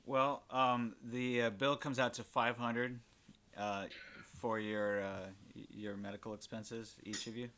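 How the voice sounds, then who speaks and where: A man's voice: mid-range voice, level tone, a little slow, bright, forceful tone, smooth. A man acting as game master, speaking casually with many hesitant ums. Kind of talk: running a tabletop game.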